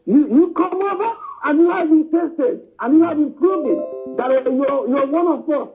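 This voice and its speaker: A high-voiced man speaks over a thin, tinny phone line. He calls in to a live stream and pushes his argument hard, circling back with "you know" and "understand?" and addressing the host as his brother. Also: moderate pace, over music. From southeastern Nigeria. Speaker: caller.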